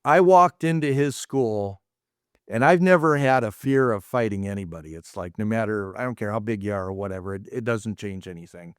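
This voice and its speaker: A middle-aged martial arts instructor from the US talks fairly quickly in a lowish, smooth voice, rambling through stories and acting out what people said. The recording is dry and studio-clean.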